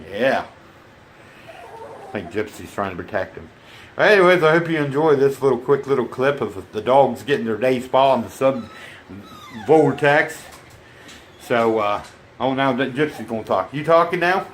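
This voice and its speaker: A homesteading vlogger chats casually to the camera from inside his home, rambling and cooing at his dogs. His mid-range voice is lively in intonation, at normal speed with frequent pauses, against slight background noise.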